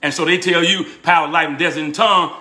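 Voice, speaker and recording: An older man, a pastor teaching a Bible study in a folksy style, repeating words and laughing as he goes between emphatic preaching and quiet asides. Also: fairly high pitch, fairly even intonation, quick pace. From Southern United States. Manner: rises into emphatic preaching, then drops to asides.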